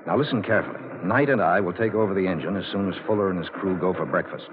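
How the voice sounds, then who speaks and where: An actor playing a calm, authoritative male leader of a raid party, speaking in measured tones in an old radio drama. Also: low-pitched, a crowd in the background, natural voice. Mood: firm. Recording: dull old radio recording with noise.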